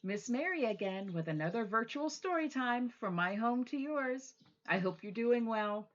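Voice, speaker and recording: A woman reading a children's storytime from her home, playful and animated with the kids. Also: on the high side, normal speed, muffled recording. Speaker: library storytime reader.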